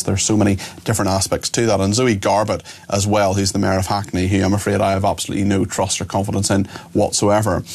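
A man's voice: fairly low pitch, gravelly, breathy edge. A man hosting a talk radio show, opinionated and indignant, firing off rhetorical questions from a studio.

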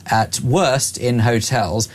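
A man in his forties presenting a talk radio show, brisk and opinionated with a sarcastic edge. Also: medium pitch, steady tone, a little hiss or hum. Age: 40s.

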